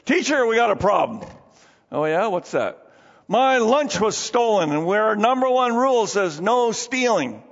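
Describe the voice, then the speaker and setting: A big, burly schoolboy, as a preacher acts him out, loud and blunt, with a raised, pushy pitch. He sounds dull and distant through long hall reverb. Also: big pitch swings, a little slow, gravelly, full character voice. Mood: indignant.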